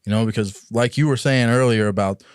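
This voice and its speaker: A man's voice: mid-range voice, fairly quick, clear, resonant tone, no echo. Man hosting, rambling questions, dry sound. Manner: asks long, rambling questions. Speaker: podcast host. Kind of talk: casual podcast chat.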